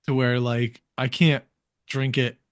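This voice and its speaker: A man co-hosting a casual comedy podcast over a video call, joking with quick wisecracks. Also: medium pitch, flat delivery, clean tone, no echo, studio quality. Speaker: podcast co-host.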